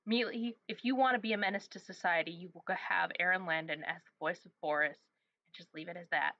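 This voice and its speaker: A woman's voice: on the low side, fairly even intonation, fast talker, bright, forceful tone, dry recording. A woman hosting a casual chat, speaking in a laid-back, playful way with frequent fillers. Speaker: podcast host. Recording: dull, slightly muffled sound.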